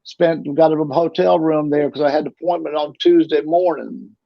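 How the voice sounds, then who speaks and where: A man's voice: on the high side, fairly even intonation, moderate pace, vocal fry, no room sound. A middle-aged man, a guest telling a long personal story in casual talk, rambling and restarting his sentences often. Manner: rambling, with frequent restarts and repeats. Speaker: interview guest. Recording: dull, lo-fi dry recording.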